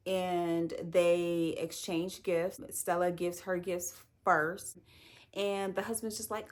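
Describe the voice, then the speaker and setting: Chatty female book reviewer, animated and outspoken, a touch low in pitch. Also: measured pace. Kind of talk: casual spoken book review.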